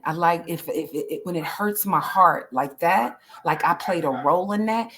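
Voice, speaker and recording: A woman's voice: on the low side, fairly bright tone. A woman speaking as an interview guest, earnest and emphatic, often repeating her phrases. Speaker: interview guest, autism advocate. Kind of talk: emotional interview talk.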